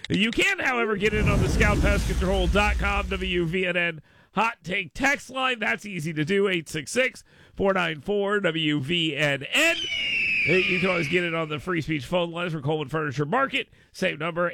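A man's voice: a little high, gravelly, pushed and bright, no room sound. A man hosting a radio talk show, rambling and repeating himself in casual chat, laughing often, at a studio microphone.

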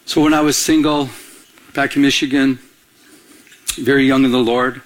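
A man preaching a sermon, telling stories with lively energy and frequent restarts, acting out the dialogue. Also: mid-range voice, moderate pace, long pauses. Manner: animated storytelling, acting out dialogue with many restarts. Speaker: pastor.

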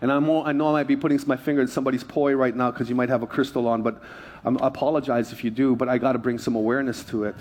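A middle-aged pastor preaching a sermon, telling stories in an animated way with many quick asides and restarts. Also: male voice, mid-range voice. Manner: animated storytelling, self-interrupting asides.

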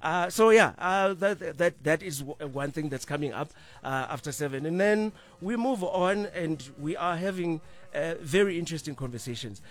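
A middle-aged man, co-hosting a morning radio show in easy, animated chat from a studio. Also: fairly high pitch, normal speed. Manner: animated, laughs easily, restarts and fillers. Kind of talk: casual breakfast radio chat.

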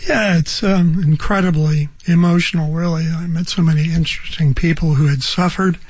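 An older man, a radio reporter, recalling his reporting in a halting, reflective way with many fillers. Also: a little high, fairly even intonation, darkish tone, slightly rough, no echo. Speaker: arts and culture reporter. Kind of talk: casual studio interview.

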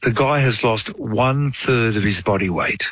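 A man's voice: fairly low pitch, normal speed, a bit bright, no echo, low-quality recording. A man explaining a medical topic in conversation, telling a case story with frequent "you know" asides. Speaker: guest explaining science.

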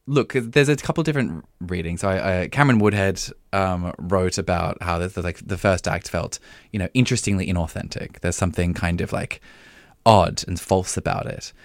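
Male podcast co-host, very low voice, dry close mic, lively critic banter. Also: no echo. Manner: animated, quick, laughs often, many fillers. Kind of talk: casual review chat.

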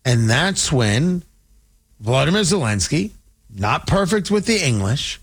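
A man delivering an opinionated political monologue, sarcastic and animated, slipping into mocking voices. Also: fairly high pitch, unhurried, slightly rough. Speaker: political commentator.

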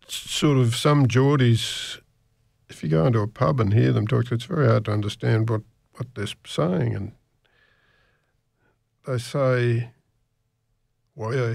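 A man's voice: mid-range voice, vocal fry, no room sound, studio quality. A man in his eighties presenting on the radio, chatting in a rambling, self-deprecating way between songs. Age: 80s. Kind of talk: rambling casual radio chat.

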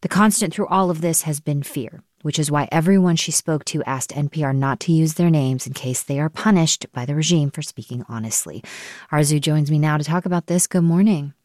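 A woman hosting a radio news program, asking questions in a composed, clear manner. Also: low-pitched, brisk, a little mellow, no room sound, clean studio sound. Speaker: news host. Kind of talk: news interview.

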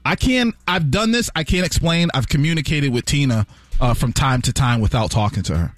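Radio guy telling a wild story, pitch jumping all over, dry studio sound. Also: a little fast, no echo, faint music behind. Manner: animated storyteller, lively and earnest. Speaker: radio co-host. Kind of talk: casual morning radio chat.

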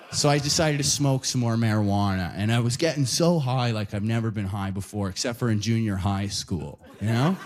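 A man's voice: lowish voice, brisk, hardly any pauses. A young Canadian man doing stand-up comedy, telling rambling stories and tagging lines with "right?". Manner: rambling storytelling, frequent "right?", playful.

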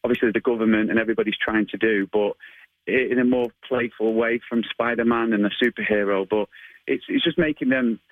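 A man's voice: fairly low pitch, steady tone, fairly quick, no echo, phone-quality sound. A man in his thirties with a Manchester-area English accent, answering interview questions in a chatty, hesitant way with frequent laughs. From England. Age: 30s. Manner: chatty, hesitant with many ums, laughs often. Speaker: guest, martial arts instructor.

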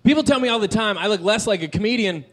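A man's voice: high-pitched, expressive, quick pace. A man doing a dry, self-deprecating stand-up set. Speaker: stand-up comedian.

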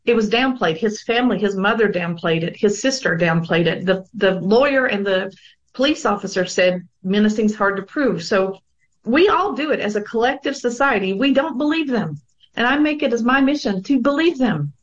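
A woman's voice: a little high, lively intonation, normal speed, dull audio. Earnest woman telling her story. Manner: earnest storytelling with many fillers. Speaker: guest, abuse survivor and advocate. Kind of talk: personal testimony on a talk show.

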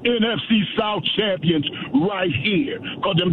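A man calling in to a sports radio show, drawling and animated, calling the host "baby" and "man". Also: a little slow, few pauses. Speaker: caller. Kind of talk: excited sports call-in banter. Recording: muffled phone line with road rumble.

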